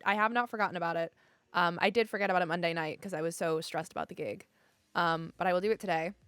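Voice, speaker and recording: A woman's voice: medium pitch, a bit bright, dry recording. A young adult woman streaming from home, chatting casually with her viewers in a giggly, easily emotional way. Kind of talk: casual chat with live viewers. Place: home room.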